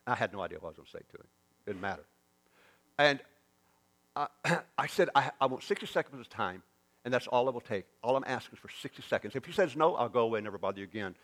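A Southern US preacher tells a story in his sermon, animatedly acting out the quoted dialogue. He talks fast in a mid-range voice.

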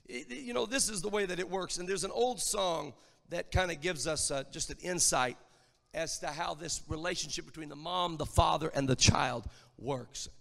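High gravelly guy preaching hard, big echoey church sound. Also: normal speed. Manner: emphatic, building to shouted lines. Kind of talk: sermon.

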